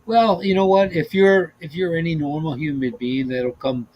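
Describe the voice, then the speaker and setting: A man's voice: fairly high pitch, fairly even intonation, moderate pace, highs cut off. A man hosting a casual podcast, telling profane, laughing stories about driving a bus, with lots of restarts. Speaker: podcast host, former bus driver. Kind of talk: casual chat, storytelling.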